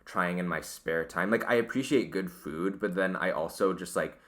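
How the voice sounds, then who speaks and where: This podcast co-host is a young man with a low, slightly bright voice, talking at a moderate pace. The chat is casual and rambling, packed with "like" fillers.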